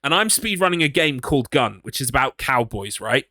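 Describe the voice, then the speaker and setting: A man's voice: medium pitch, big pitch swings, brisk, sharp tone, no echo, clean studio sound. An English man streaming a horror game, chatting casually and rambling, teasing himself as he reads his chat. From England. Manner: rambling, self-mocking, talks to himself.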